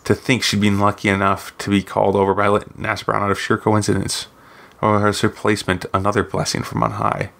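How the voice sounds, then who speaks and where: A man narrating a fantasy story from his own book, in a steady, measured reading. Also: fairly low pitch, vocal fry. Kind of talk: scripted narration.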